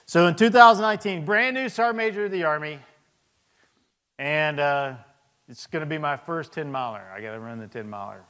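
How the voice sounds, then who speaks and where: Man in his fifties, senior soldier, anecdotal speaker, slightly high voice, reverberant hall. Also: a little fast, sharp tone, clear, resonant tone. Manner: storytelling, anecdotal, chuckling asides. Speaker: Sergeant Major of the Army. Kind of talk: speech to an audience. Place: large hall with audience.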